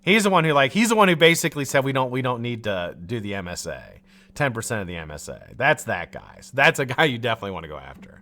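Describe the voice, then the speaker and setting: A man running a live stream launches into an angry, profane rant, rambling and restarting sentences and laughing at his own jokes. He talks fast in a sing-song, medium-pitched voice that sounds pushed and bright.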